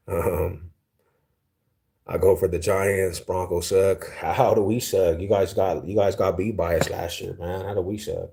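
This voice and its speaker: A young man from Denver on a casual livestream. His voice sits low, and he talks in a relaxed, slangy way as he reads out and answers viewer comments with easy amusement. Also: takes it slowly, vocal fry, long pauses. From Denver, Colorado, US. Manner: laid-back, slangy, easily amused. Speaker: livestream host.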